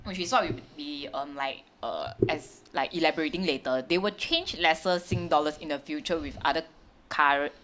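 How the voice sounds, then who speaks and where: A woman with a Singaporean English accent talks through her points in a loose, chatty way. Her voice sits low, and she fills it with hesitations and easy laughter. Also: normal speed, fairly bright tone. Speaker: podcast co-host. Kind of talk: casual finance chat.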